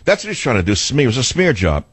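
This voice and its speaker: A man's voice: mid-range voice, wildly swooping pitch, fast talker, slightly rough, no room sound. An older man hosting a talk radio show, combative and ranting, arguing with a caller and mocking people. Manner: combative, ranting, mocks others in put-on voices. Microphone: studio mic.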